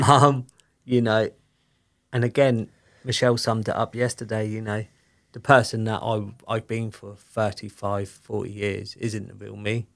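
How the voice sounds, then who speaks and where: A man's voice: lowish voice, level tone, unhurried, gravelly. A middle-aged man, talking openly as a podcast guest, rambling with lots of fillers. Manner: open, rambling storytelling with many fillers. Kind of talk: candid personal conversation.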